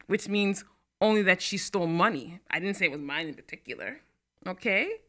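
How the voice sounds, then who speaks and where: A woman host talking casually to camera in a studio. Her bright, forward voice swings widely in pitch. She laughs between points and hits words hard for effect. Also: animated, fairly quick. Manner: chatty, laughing asides, stresses words for effect. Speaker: talk show host.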